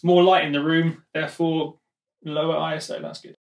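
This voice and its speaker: A man's voice: fairly high pitch, little pitch movement, moderate pace, vocal fry, distant mic. A man vlogging in his home music studio, rambling and joking to himself as he unpacks gear. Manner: rambling, self-mocking, talks to himself while handling gear. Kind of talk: casual studio vlog, talking to camera. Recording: echoey room, voice often off-mic.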